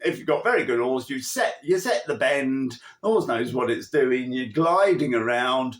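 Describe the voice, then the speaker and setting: A man's voice: mid-range voice, expressive, measured pace. A man who trains horses, giving an emphatic, chatty riding lesson and acting out his cues to the horse. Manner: chatty, with restarts and asides. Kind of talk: instructional talk.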